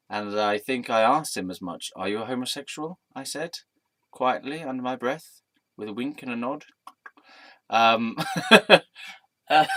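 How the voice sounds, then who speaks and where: A man's voice: lowish voice, fairly bright tone, dry recording. Rambling, playful man. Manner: rambling, playful, self-amused. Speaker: vlogger. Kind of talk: casual storytime monologue.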